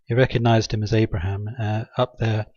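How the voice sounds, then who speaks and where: Man, dry sarcastic rambler, mid-pitched, hesitant with lots of ums, dull lo-fi home recording, close and dry. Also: flat delivery, a little fast, a little mellow, dry recording. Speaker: video maker. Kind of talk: rambling satirical monologue.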